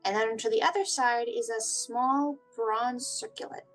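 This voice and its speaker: A woman narrating a tabletop role-playing session as game master, describing scenes with patient, measured phrasing. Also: on the high side, soft background music, rough recording.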